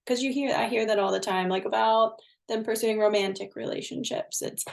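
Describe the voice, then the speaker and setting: A woman's voice: on the high side, steady tone, brisk, gravelly. A woman co-hosting a wellness podcast, reflecting thoughtfully and often restarting her sentences. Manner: thoughtful, circles back on her words. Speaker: podcast co-host. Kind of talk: podcast conversation.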